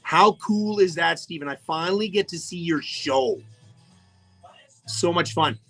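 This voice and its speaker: A fairly high-voiced man hosts a live radio show, chatting loosely and joking as he calls out listeners by name. Faint music plays quietly under his voice. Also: unhurried. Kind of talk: casual live radio chat.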